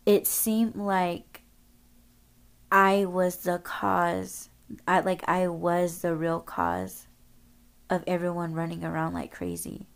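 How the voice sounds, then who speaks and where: A woman's voice: on the low side, slow pace, creaky. A woman podcast host telling a story casually, rambling, swearing often and using lots of filler words.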